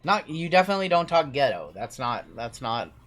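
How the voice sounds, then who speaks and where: A man's voice: fairly high pitch, very animated, fairly quick, fairly bright tone. Chatty man hosting a live stream. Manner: chatty, rattles off lists of names and teams, reads chat aloud. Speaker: host of a live card-break stream. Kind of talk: casual live-stream commentary.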